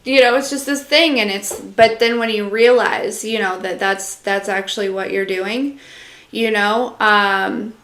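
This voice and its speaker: A woman's voice: medium pitch, steady tone, measured pace, a bit bright, reverberant. A woman giving a casual live-stream channeled message as an intuitive reader, rambling with lots of fillers, talking straight to her viewers and answering their comments.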